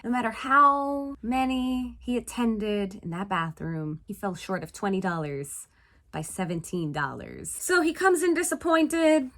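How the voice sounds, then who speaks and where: A woman hosting a casual movie-recap vlog, talking in an animated, playful way with sarcastic asides. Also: mid-range voice. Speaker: vlog host reviewing a film.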